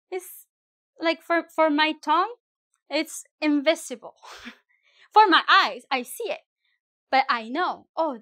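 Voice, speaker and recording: A high-pitched woman teaches vocabulary in a relaxed video lesson. She chats along and corrects herself, then slows right down to say each example word carefully and clearly. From Mexico. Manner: animated, slow careful pronunciation of example words; chatty with self-corrections and small laughs. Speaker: Spanish teacher.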